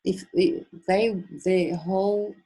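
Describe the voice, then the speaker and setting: A woman telling a long personal story on a webinar, animated, acting out the voices she quotes, with many restarts. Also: medium pitch, takes it slowly, husky, low-quality recording. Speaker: webinar speaker. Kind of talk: casual storytelling.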